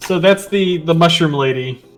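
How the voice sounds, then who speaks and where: A man's voice: fairly high pitch, moderate pace, faint music behind. A man in his thirties, a guest on a let's-play stream, chatting casually and joking while laughing easily. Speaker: co-host guest. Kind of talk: casual gameplay chat.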